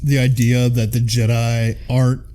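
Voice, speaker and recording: A man's voice: mid-range voice, level tone, normal speed, dark tone, clean tone. A man with a Midwestern American accent, co-hosting a casual podcast chat, rambling and enthusiastic with lots of fillers. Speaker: podcast co-host.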